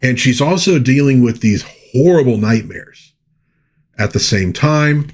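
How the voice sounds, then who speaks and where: A man's voice: medium pitch, animated, measured pace, darkish tone. A middle-aged man hosting a casual live stream, chatting with enthusiasm and rambling through lots of fillers. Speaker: host.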